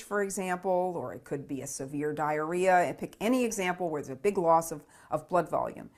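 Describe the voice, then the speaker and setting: In a recorded lecture, a woman who teaches physiology explains things step by step in a voice on the low side, repeating key terms and checking in with "okay?".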